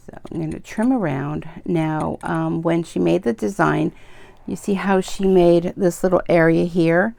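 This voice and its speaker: A woman's voice: lowish voice, unhurried, vocal fry, a little mellow, no echo. A middle-aged woman hosting an embroidery video, talking in a rambling, chatty way while she works. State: tearful at times. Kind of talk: casual chat while crafting.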